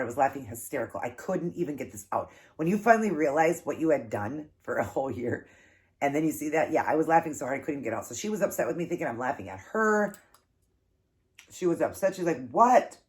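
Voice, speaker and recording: A woman hosting an eating show, casually telling an embarrassing story and laughing often. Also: low-pitched.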